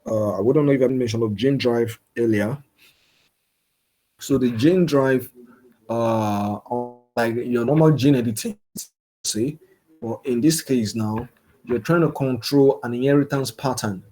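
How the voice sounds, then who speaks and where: Man giving a halting science lecture. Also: mid-range voice, dark tone. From Nigeria. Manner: explains step by step, many fillers and restarts. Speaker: guest lecturer.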